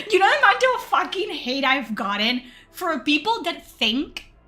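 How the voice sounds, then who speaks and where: Woman streamer, casual gaming chat, crisp bright tone, slightly high voice. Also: sing-song, normal speed, faint music behind. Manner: chatty, swearing, laughing, reading chat aloud.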